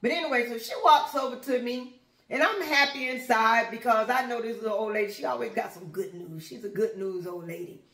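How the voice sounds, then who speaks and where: A woman spins a personal story in a relaxed, chatty way, talking right to her listeners. Her voice sits a bit high, and the recording carries a noticeable room echo. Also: fairly quick. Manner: animated, conversational, addresses listeners as y'all. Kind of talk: casual storytelling to an audience.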